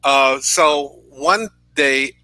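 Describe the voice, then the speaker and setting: A man's voice: mid-range voice, drawn-out words, bright, forceful tone, no echo, low-quality recording. A man from New York, a podcast guest on a video call, earnestly telling a personal story and often checking in with "right?".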